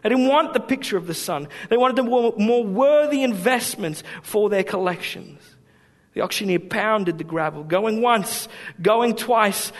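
A male pastor preaching a sermon with storytelling, swinging from hushed to emphatic. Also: high voice, moderate pace. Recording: long hall reverb.

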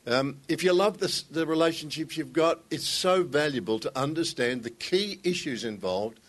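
A man's voice: on the high side, lively intonation, normal speed. Folksy male speaker. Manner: folksy storyteller, conversational, some restarts. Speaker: guest speaker. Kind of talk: sermon with joke.

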